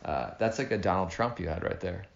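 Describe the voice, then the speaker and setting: A man's voice: deep voice, a little fast, vocal fry. A man in his thirties co-hosting a podcast, in a dry, sarcastic, rambling casual chat. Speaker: podcast co-host. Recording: dull roomy home recording.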